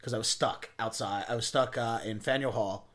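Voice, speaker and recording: A man's voice: medium pitch, fairly quick, a bit bright. A man hosting a podcast, chatting casually, laughing along and asking his guest questions. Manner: laughs along often, asks questions and hedges his opinions. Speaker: podcast host. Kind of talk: casual interview chat.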